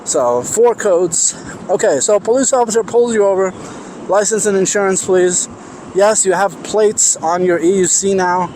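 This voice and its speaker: A man's voice: sits high, moderate pace, darkish tone, slight background noise. A man with a New York accent vlogging while riding through city streets, rambling and thinking aloud with restarts, his voice a little strained and parched. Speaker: vlogger riding an electric unicycle. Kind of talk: casual vlog talk while riding. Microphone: clip-on mic while riding.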